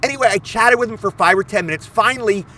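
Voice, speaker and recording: A man's voice: high voice, quick pace, distant mic, slight background noise. A man in his sixties, an actor guest eagerly telling anecdotes outdoors. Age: 60s. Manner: animated, eager storyteller. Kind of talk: anecdotal storytelling. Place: outdoors at a film location.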